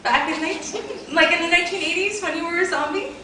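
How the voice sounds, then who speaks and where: A woman's voice: very high voice, fast talker, very noisy. A woman fan asking a panel a question, nervous and giggly, rambling as she goes. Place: large convention hall. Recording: echoey hall, mic far off, loud crowd.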